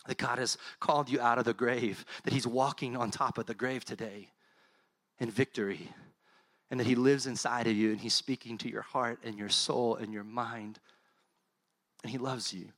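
In a dry recording, a middle-aged pastor gives a sermon at a moderate pace, his male voice conversational and animated before quieting to a soft, low tone for heartfelt points.

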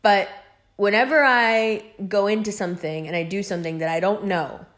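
A woman's voice: medium pitch, steady tone, normal speed, fairly bright tone. A young woman hosting a podcast, telling rambling, profane stories in a casual monologue, laughing often. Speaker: podcast host.

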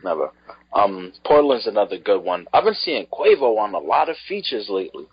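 A man's voice: fairly low pitch, very animated, a little fast, breathy edge, no room sound. A man co-hosting a podcast, giving a hesitant casual album review full of ums. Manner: hesitant, lots of ums, lists tracks. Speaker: podcast co-host. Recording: dry, dull lo-fi audio.

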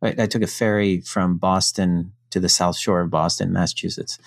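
A middle-aged man from the United States, a podcast guest telling his story in a frank, animated, casual way, swearing now and then. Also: low voice, moderate pace, vocal fry, no echo, clean studio sound.

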